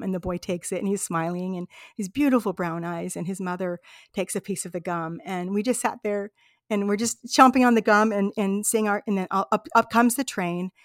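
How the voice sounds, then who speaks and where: A woman's voice: mid-range voice, a bit bright, no echo, clean studio sound. A woman hosting a podcast, telling personal travel stories in an earnest, heartfelt, reflective way. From United States. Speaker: podcast host. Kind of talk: personal storytelling monologue.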